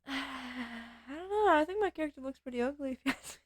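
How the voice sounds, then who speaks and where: Chatty woman streamer, high voice, dry close mic. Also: expressive, brisk, no echo. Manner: chatty, playful, talks to viewers. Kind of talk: casual game commentary.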